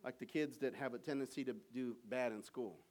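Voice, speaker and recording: A man preaching a sermon in a church, animated, asking the congregation for call and response. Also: mid-range voice, a little fast, a little hiss or hum.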